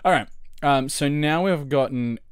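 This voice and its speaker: A man's voice: on the high side, a little slow, smooth, no echo, studio quality. A young Australian man chatting casually on a livestream while editing video, rambling with many fillers and frequent laughs.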